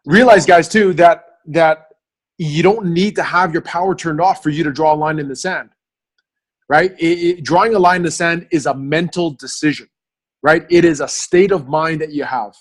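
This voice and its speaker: A man's voice: fairly high pitch, normal speed. A man hosting a group mastermind video call, coaching the group in an earnest way and often checking in with "right?". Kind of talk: motivational coaching talk.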